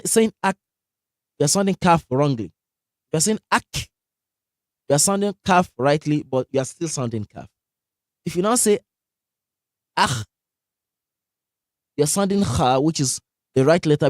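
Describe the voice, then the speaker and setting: A man leads a live online recitation lesson. He is energetic, quizzes his class, and repeats sounds to show how they are made. His voice sits a little high, and the sound is dry and close. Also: dry recording. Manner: asks the class questions. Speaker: Quran recitation teacher.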